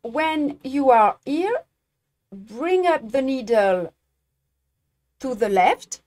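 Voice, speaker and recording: Woman, French accent, native French speaker, embroidery teacher, live tutorial, halting, searching for words, unhurried. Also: high voice, expressive, a little mellow. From France. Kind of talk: live-streamed craft tutorial.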